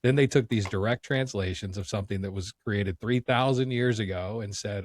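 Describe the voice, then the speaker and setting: A man's voice: on the low side, moderate pace, few pauses, no echo. A man co-hosting a movie podcast, talking casually in an opinionated, joking, ranting way. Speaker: podcast co-host.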